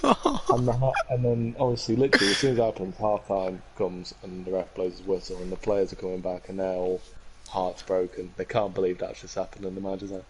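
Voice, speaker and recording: A man's voice: deep voice, little pitch movement, brisk. A young man co-hosting a podcast, telling a casual story with many restarts and self-corrections. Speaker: podcast co-host. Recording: noticeable background noise.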